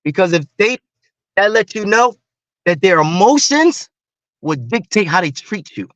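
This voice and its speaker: A blunt man in casual conversation, talking in a fairly high voice that jumps around and repeats his points with force. The sound is dry and a bit dull, like a lo-fi recording. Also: a little slow, no room sound. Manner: blunt, repetitive, animated street talk. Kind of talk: casual chat.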